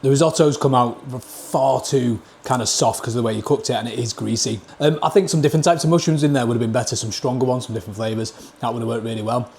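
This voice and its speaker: A man's voice: medium pitch, steady tone, fast, hardly any pauses, darkish tone, a little hiss or hum. Man, Northern English accent, blunt plain talk, casual food vlog, camera mic at a table. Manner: blunt, plain-spoken, scores each dish out of ten. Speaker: food reviewer.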